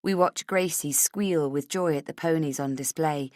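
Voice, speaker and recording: A woman narrating a first-person thriller audiobook in a measured, steady reading. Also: deep voice, no echo, studio quality.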